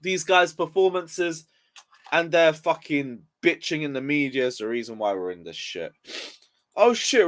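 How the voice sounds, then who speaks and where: A man's voice: fairly high pitch, expressive, unhurried, a bit bright. A young man ranting on a casual football live stream, just woken up and yawning, swearing in frustration as he reads chat aloud. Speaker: football livestreamer.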